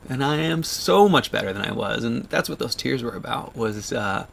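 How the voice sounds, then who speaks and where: A man in his thirties talking to viewers on a livestream, choked up and halting, with many restarts. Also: medium pitch, lively intonation, creaky, a bit bright, a little hiss or hum. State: choked up, near tears. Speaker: vlogger on a livestream. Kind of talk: emotional livestream chat.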